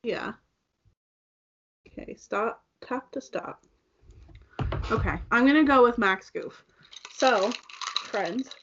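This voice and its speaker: Chatty young woman, slightly high. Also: expressive, slow, long pauses, noisy background. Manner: chatty, fillers of "like" throughout. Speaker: co-host. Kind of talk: casual chat while doing makeup. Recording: dull lo-fi recording.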